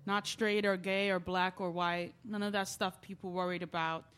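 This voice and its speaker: A woman's voice: fairly low pitch, little pitch movement, moderate pace, a bit bright, clean tone. A woman delivering a stage play monologue in a confiding, rambling and emotional way. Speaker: lead character in a stage play.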